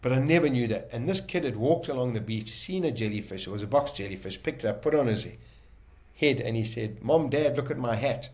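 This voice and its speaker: A man's voice: mid-range voice, animated, a little fast. South African man telling a vivid story. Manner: vivid, acts out his own inner voices, swings loud and soft. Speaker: guest telling his survival story. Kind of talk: animated storytelling.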